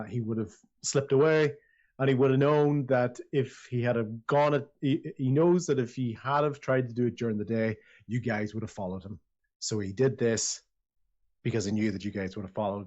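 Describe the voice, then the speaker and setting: A man's voice: mid-range voice, a little mellow. A man narrating as dungeon master of a tabletop game, chatty and rambling, often restarting his sentences. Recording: slightly dull lo-fi audio.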